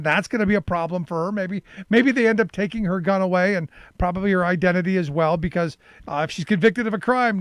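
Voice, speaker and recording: A man hosting a talk radio interview, halting and repeating words as he asks joking questions. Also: high voice, no room sound. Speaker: radio show host.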